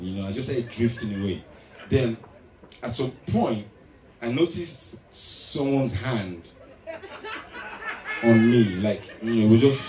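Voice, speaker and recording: Male stand-up, lively swinging delivery; live hall, echoey and distant, crowd laughing. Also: medium pitch. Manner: animated storytelling with acted voices. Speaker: stand-up comedian. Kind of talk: stand-up comedy. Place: live comedy stage.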